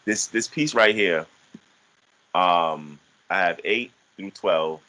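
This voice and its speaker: A man's voice: sits low, sharp tone, rough recording. A man teaching an online class, explaining step by step with frequent restarts and fillers. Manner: halting, many restarts and fillers.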